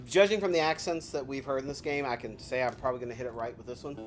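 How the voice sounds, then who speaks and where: Low-voiced woman joking through a game stream. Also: quick pace, hardly any pauses, music in the background. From Virginia, USA. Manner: joking, self-deprecating, thinks aloud. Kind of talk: casual gameplay commentary.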